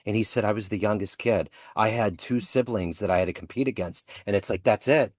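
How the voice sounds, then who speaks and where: Low-voiced man host, dry sound. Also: brisk, dry recording. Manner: encouraging, frequent short affirmations. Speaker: interview host. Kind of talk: casual interview talk.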